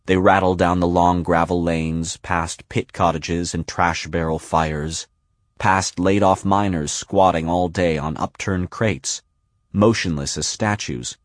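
A man reading scripted literary narration in a measured, unhurried, deliberate way. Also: low voice, fairly even intonation, dry recording, clean studio sound. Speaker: audiobook narrator.

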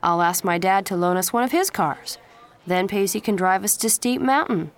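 A woman's voice: mid-range voice, normal speed, lightly acted. A woman reading the lines of an eager, cheerful teenage boy in a storybook.

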